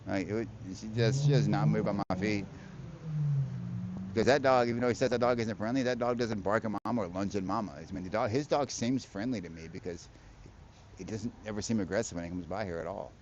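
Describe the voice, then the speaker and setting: A man's voice: fairly low pitch, brisk, noisy background. Laid-back, profane man streaming outdoors. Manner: laid-back, profane, chuckling, talking to his dog. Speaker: live-streaming delivery rider. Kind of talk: casual live-stream chat. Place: outdoors in a yard. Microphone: wireless mic relaying to a laptop. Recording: dull lo-fi stream audio.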